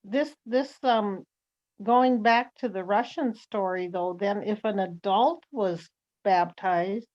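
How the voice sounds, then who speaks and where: A woman's voice: medium pitch, takes it slowly, a little mellow, muffled recording. A woman in a church class, asking a question hesitantly in casual group discussion.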